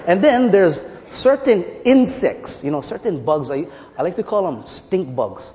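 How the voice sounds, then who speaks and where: A man's voice: high-pitched, measured pace, long reverb tail, slight background noise. A man preaching a sermon, telling stories in a playful way. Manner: storytelling, playful, lively. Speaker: pastor. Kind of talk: sermon with jokes.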